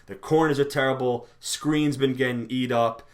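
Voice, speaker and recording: A man co-hosting a casual sports talk show, relaxed and joking, often repeating his phrases. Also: medium pitch, normal speed. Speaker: co-host.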